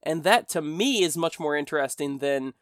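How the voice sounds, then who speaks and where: A man's voice: on the high side, lively intonation, moderate pace, a bit bright, no echo, studio quality. Chatty American man hosting a podcast. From United States. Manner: rambling, self-correcting, conversational. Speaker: podcast host. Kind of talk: casual monologue podcast.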